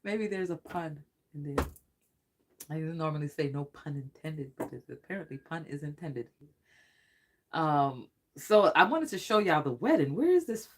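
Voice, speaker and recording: A psychic tarot reader giving a casual livestream reading, rambling and excitable, often laughing and swearing. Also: mid-range voice, moderate pace, slight background noise.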